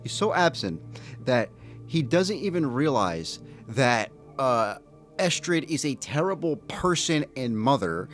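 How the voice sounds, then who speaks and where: A man's voice: medium pitch, big pitch swings, a little slow, soft background music. A man in casual chat, heated and sarcastic, swearing often as he rants.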